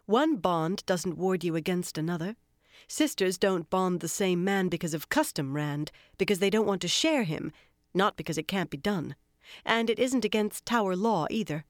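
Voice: animated, normal speed, no room sound, studio quality, natural voice. A reader voicing a proud, determined young noblewoman who speaks earnestly and insistently, in an audiobook. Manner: insistent, earnest, raised pitch.

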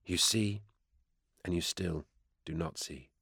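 A man voicing Keeler, a hushed sorrowful saint. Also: sits low, takes it slowly, vocal fry, breathy edge, no echo, studio quality, heavily acted. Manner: soft, hushed and solemn. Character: gentle female saint, serene and sorrowful.

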